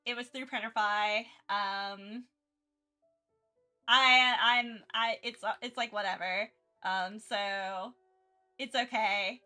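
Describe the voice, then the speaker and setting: A woman's voice: medium pitch, steady tone, slow, pushed and bright, soft background music. A young woman streaming her art, chatting casually and rambling with lots of fillers, restarts and self-mocking asides. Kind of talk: casual chat while drawing.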